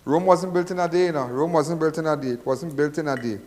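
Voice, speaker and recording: A man's voice: a little high, fast, a little mellow, in a large hall. A Trinidadian man hosting a live call-in crime show, talking in a rambling, repetitive, preachy way. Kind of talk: live call-in radio talk.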